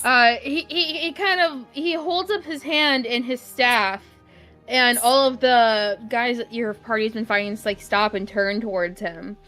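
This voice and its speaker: A woman narrating as game master of a tabletop game, unhurried and hesitant, with many fillers. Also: a little high, pushed and bright, soft background music.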